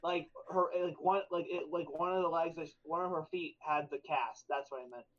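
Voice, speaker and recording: A man's voice: on the high side, steady tone, normal speed. A young man co-hosting a podcast, telling stories in a rambling way with lots of fillers and restarts. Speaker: podcast co-host. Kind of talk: casual chat. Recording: dull lo-fi sound.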